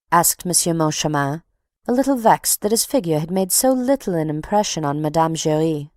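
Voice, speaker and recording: A woman narrating an audiobook in a measured, steady reading. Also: deep voice, no echo, clean studio sound.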